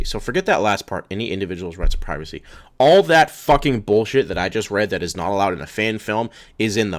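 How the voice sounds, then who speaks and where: A man's voice: lowish voice, fairly bright tone. A man ranting angrily and profanely while reading rules aloud in a vlog. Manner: profane, exasperated, sarcastic. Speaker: vlogger.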